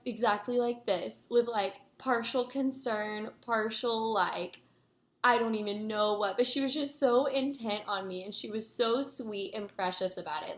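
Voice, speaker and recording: A young woman vlogger telling a story to the camera in a rambling, excitable way, with many fillers and asides to her viewers. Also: medium pitch. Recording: echoey room.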